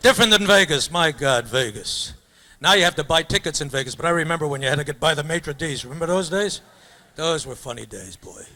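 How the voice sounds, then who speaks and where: A slightly high, sharp-toned man's voice, animated and a little quick, belongs to an older comedian doing stand-up storytelling. He rambles loosely through his stories in a high school auditorium, drifting into mock-opera singing and comic voices.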